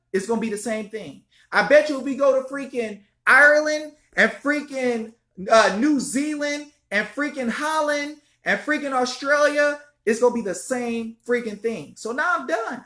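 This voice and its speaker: A woman's voice: sits high, normal speed, bright, forceful tone. A woman vlogging an impassioned, repetitive rant straight to her viewers, calling them y'all. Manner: fiery, repetitive, swears mildly, addresses viewers as y'all. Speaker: activist vlogger. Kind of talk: impassioned direct-to-camera rant.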